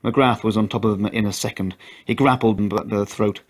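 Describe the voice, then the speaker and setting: A male storyteller reads a dramatic story aloud. His voice sits low and stays steady and measured from line to line. The narration is clear and deliberate. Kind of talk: scripted narration.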